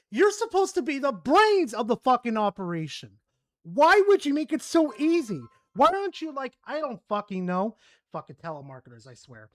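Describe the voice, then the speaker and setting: A streamer commentates a game while playing, rambling and swearing out of frustration. The voice is high, recorded at studio quality with no echo.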